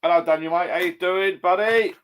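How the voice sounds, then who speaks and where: A man's voice: high-pitched, steady tone, a little fast, fairly bright tone, clear, resonant tone. An older man hosting a casual livestream from his home bar, chatty and rambling, reading viewer comments aloud. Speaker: livestream host. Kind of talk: casual live chat.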